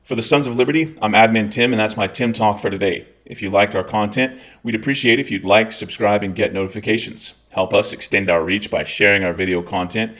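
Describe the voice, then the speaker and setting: A military veteran from Scotland hosting a scripted commentary rant, blunt, profane and lecturing in tone. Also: male voice, on the low side, fairly quick, hardly any pauses, a bit bright.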